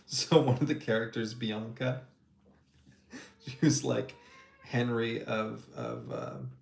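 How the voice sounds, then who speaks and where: A man's voice: medium pitch, lively intonation, slow pace, creaky. A man casually chatting on a livestream while painting miniatures, jokey and rambling, laughing often. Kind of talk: casual chat. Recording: echoey room with faint noise.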